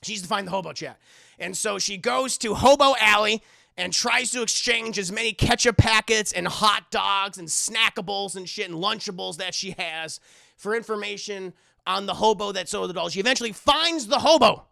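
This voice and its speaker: A man's voice: high voice, normal speed, vocal fry, bright, forceful tone, no room sound, clean studio sound. A man casually recapping a film on a live stream, rambling and swearing, talking to his chat. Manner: rambling, profane, addresses chat.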